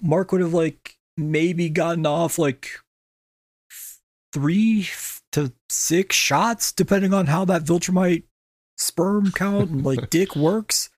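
A man co-hosting a casual podcast chat, recapping a show with plenty of swearing and quick acted asides. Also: a little high, dry recording. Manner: profane, animated recapping with quick impressions. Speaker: podcast co-host.

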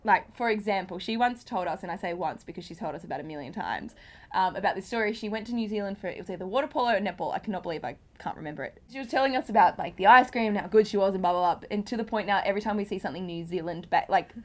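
A woman's voice: medium pitch, very fast. A young adult woman co-hosting a podcast, playful and teasing in casual chat. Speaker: podcast co-host.

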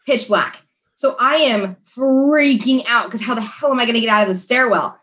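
A woman, a guest in a conversation, tells a story in a lively, chatty manner with many fillers. Her voice sits a little higher than most. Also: normal speed. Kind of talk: casual storytelling.

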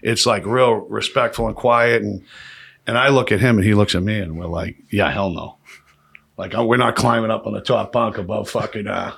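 A man, hosting a podcast and telling profane, animated stories with laughs. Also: on the low side, fairly quick, vocal fry, slightly rough. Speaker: podcast host. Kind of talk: casual storytelling chat.

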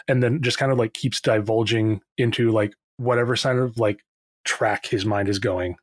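A man narrating a tabletop game as game master, relaxed and rambling with fillers. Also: on the low side, moderate pace, no room sound.

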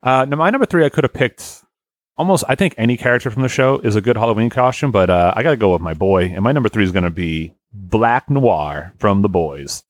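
A man's voice: fairly low pitch, brisk, no echo, studio quality. A man in his thirties hosting a podcast, chatting casually and joking around. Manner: lively, jokey, laughs easily. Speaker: podcast host. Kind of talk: casual chat.

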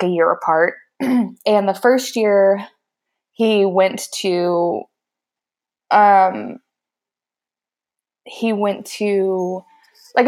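A woman baker, a podcast guest, telling a story casually with lots of laughter and fillers. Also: fairly low pitch. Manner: animated, laughing, many fillers like "like" and "um". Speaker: baker and cookbook author guest.

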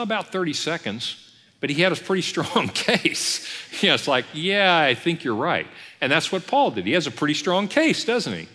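A man preaching a sermon as pastor, acting out imagined dialogues as he teaches. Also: mid-range voice. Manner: animated, acts out imagined voices and dialogues. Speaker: executive pastor. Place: church sanctuary. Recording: long hall reverb.

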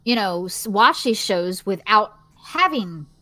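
A woman with a Southern accent from Virginia, talking casually as an interview guest. Her voice is bright and forward, and she hesitates with frequent fillers. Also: mid-range voice, animated, takes it slowly, no echo. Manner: chatty, hesitant, many fillers. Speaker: guest, actress.

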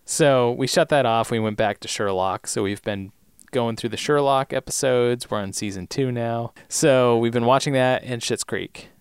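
A man co-hosting a podcast in easygoing casual chat, often trailing off softly at the ends of sentences. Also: mid-range voice, normal speed, smooth, no echo, clean studio sound. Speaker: podcast co-host.

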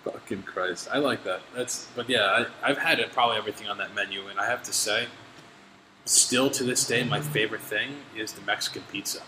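A young man hosting a casual chat, telling animated stories with plenty of swearing. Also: fairly low pitch, a little fast. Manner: animated storytelling, heavy swearing. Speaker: podcast host. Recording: echoey room, faint noise.

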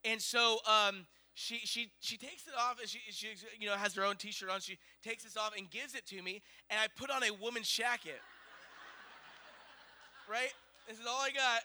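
Male pastor, 30s, high and piercingly bright voice, rambling animated storyteller. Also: moderate pace. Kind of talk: storytelling sermon.

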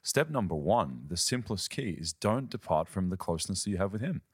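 A man's voice: deep voice, very animated, fairly quick, slightly rough, no room sound, studio quality. A man, a ministry leader and podcast guest, teaching earnestly in conversation and telling stories. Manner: earnest, storytelling, uses quoted voices.

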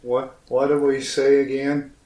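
A man's voice: medium pitch, completely flat delivery, unhurried, warm tone, distant mic. A man plays in character at a tabletop game, hesitant and rambling. He sits back from the mic, and the room adds a noticeable echo. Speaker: player. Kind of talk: in-character tabletop role-play.

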